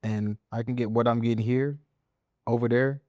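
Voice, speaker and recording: A man's voice: mid-range voice, fairly even intonation, moderate pace, darkish tone, dry recording, clean studio sound. A man in his twenties from Mississippi with a Southern country accent, a guest chatting laid-back and humble in slangy stories. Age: 20s. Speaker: guest, comedian and content creator. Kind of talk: casual interview chat.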